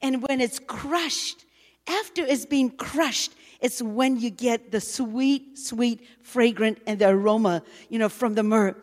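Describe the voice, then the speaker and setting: A woman's voice: fairly high pitch, measured pace, big-room sound. A middle-aged woman preacher telling a testimony in an earnest sermon, with frequent fillers. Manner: earnest storytelling with many "you know" fillers.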